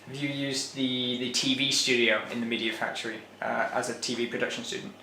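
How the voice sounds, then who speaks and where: Male interviewer, asking halting questions, roomy echo around him, faint background noise. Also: mid-range voice, fairly even intonation, bright, forceful tone.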